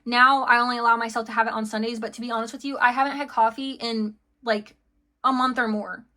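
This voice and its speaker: A woman with a slightly high, sharp voice and level tone reads tarot at a quick pace. The reading is casual and rambling, full of fillers and restarts, and she laughs between thoughts.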